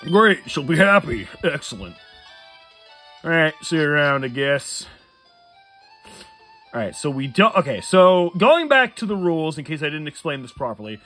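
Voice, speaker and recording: A man talks through a video game late at night, tired but animated, his voice swinging up and down as he rambles and chuckles at himself. His pitch sits a touch high for a man. Faint game music plays behind him. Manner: rambling, self-amused, chuckles often. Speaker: gamer playing a Nuzlocke run. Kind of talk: casual let's-play commentary.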